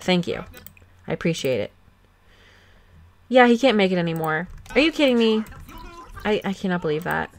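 A woman's voice: on the low side, sing-song, normal speed, long pauses. A young woman casually commenting on a life-sim game she plays, chatty and giggly with many fillers, into a desktop microphone. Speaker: let's play host. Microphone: desktop USB microphone.

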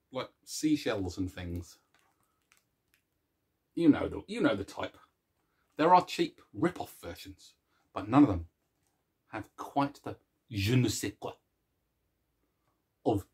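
Slow, husky-voiced man chatting. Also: lowish voice, a little mellow. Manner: jokey and self-mocking, chuckles at his own puns; eats chocolate while chatting. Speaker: host. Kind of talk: casual chat to camera.

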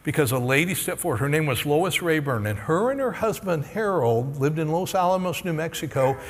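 A man's voice: mid-range voice, a bit bright, a little hiss or hum. A middle-aged male pastor preaching a sermon, telling a personal story and earnestly pleading with his congregation. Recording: long reverb of a large hall.

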